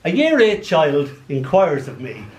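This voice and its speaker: This Irish poet, a man in his sixties, speaks in an unhurried way with a higher voice. He entertains a live audience in an arts venue hall with playful stories and animated comic asides between poems, in a roomy space with faint background noise.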